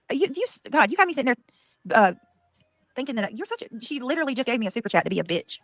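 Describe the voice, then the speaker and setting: Woman, quick casual livestream talk, dry close mic, faint music behind. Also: sits high, big pitch swings, a bit bright, no room sound. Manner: chatty, reads and thanks donations aloud.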